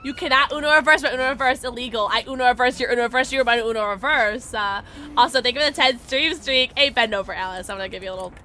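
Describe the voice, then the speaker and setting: A woman streaming a video game who chats casually with her viewers, giggly, loud and excitable, and high on edibles. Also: fast talker, a little hiss or hum. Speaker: streamer and voice actor. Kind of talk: casual game livestream chat.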